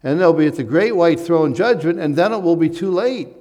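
A man delivers a sermon with a warm, mellow tone, pressing his points with rising emphasis between casual asides. His voice rings out in a big church hall with a long, trailing reverb. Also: a little high, lively intonation, brisk. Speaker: preacher.

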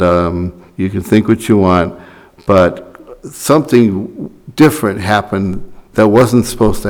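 A man's voice: on the low side, rough recording. A man preaching a sermon, reading scripture and then explaining it in a loose, conversational way with asides and restarts.

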